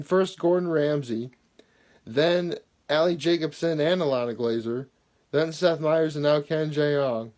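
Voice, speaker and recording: A man's voice: a little high, a little mellow. Rambling young man vlogging casually. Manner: rambling, many fillers and self-corrections. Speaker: daily vlogger. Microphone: phone held in hand.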